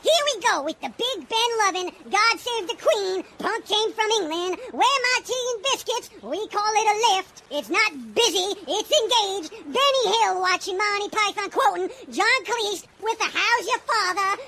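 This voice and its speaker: A shrill ranting heckler. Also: lively intonation, background noise. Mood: mocking rant. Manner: rapid mocking rant ending in shouts.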